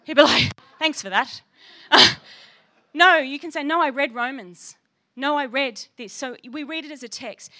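Animated woman preaching a bright sermon. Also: high voice. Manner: animated, passionate, asks the congregation questions; teacherly, acts out little voices for quoted people. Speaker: pastor.

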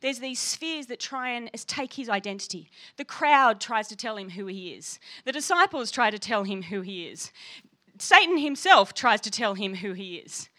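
A woman pastor preaching a passionate, animated sermon, often putting questions to the congregation and acting out quoted voices. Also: a little high, moderate pace. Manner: teacherly, acts out little voices for quoted people.

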